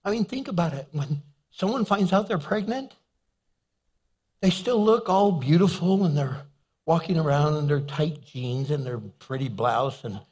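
Pastor guy preaching, bit husky, higher voice, acts out stories and cracks jokes. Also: measured pace. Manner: animated storytelling, acts out little scenes and voices. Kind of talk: humorous sermon.

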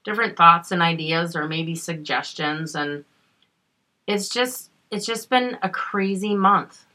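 A woman's voice: lowish voice, measured pace, bright, forceful tone. A middle-aged woman co-hosting a podcast in casual chat, chatty, laughing often and swearing freely. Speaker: podcast co-host.

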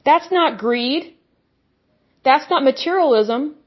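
High-voiced woman preaching with scorn. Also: animated, slow, lo-fi sound. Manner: blunt, scornful, mocks opponents in put-on voices. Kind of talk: impassioned religious monologue.

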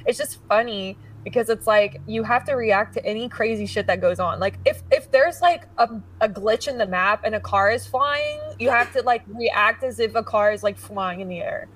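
A young woman streamer chats as a podcast guest in an animated, loose way, full of "like" and laughter. Her voice sounds a little off-mic. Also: a little high, normal speed, hardly any pauses, distant mic. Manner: animated, says "like" a lot, laughs often. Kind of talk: casual chat.

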